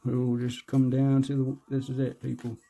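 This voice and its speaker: A man's voice: mid-range voice, completely flat delivery, moderate pace, creaky, warm tone, faint music behind. A man doing casual, rambling unboxing commentary, joking, hyping himself up and cursing. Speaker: vlogger.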